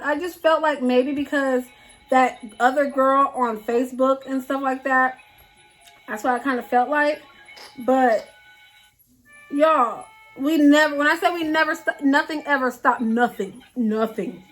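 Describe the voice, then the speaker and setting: A woman vlogger telling a personal story in casual storytime style, animated and repeating phrases for emphasis while talking straight to her viewers. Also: sits high, measured pace, faint music behind.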